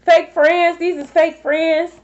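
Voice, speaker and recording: A woman's voice: very high-pitched, little pitch movement, takes it slowly, darkish tone. A woman giving a collective tarot reading, blunt and profane, repeating her points for emphasis. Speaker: tarot reader. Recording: dull lo-fi recording.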